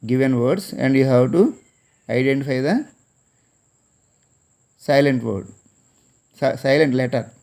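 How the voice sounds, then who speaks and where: A man's voice: medium pitch, vocal fry, a little mellow. A man from India teaching an English class with an Indian English accent, spelling words letter by letter and repeating each one.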